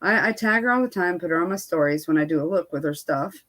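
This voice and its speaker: A woman's voice: lowish voice, quick pace, a bit bright. Chatty woman venting in a casual vlog. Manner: candid, venting, lots of fillers and quoted dialogue. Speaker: beauty vlogger. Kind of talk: casual storytime chat.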